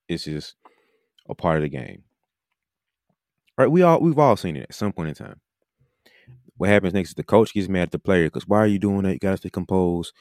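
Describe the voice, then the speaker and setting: A podcast host and coach with an extremely low, darkish voice delivers a casual, animated monologue. Now and then he mimics coaches mid-sentence, and the recording is dry and studio quality.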